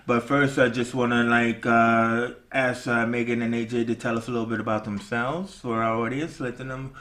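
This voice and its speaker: American man, podcast host, studio chat, bright forceful voice, joking around. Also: mid-range voice, level tone, normal speed. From United States. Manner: jokey, laughs often. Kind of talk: casual interview chat.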